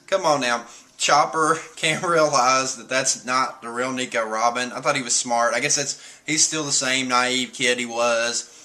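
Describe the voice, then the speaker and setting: A man's voice: mid-range voice, steady tone, a little slow, pushed and bright. A man streaming, casually rambling through a comic chapter review, chuckling often and swearing now and then. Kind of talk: casual chat.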